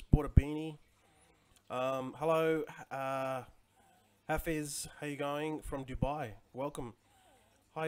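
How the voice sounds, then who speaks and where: A man's voice: a little high, clear, resonant tone. A man in his forties chatting casually on a livestream, rambling with lots of fillers and greeting viewers by name. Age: 40s. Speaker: crypto livestream host. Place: home in Chiang Mai.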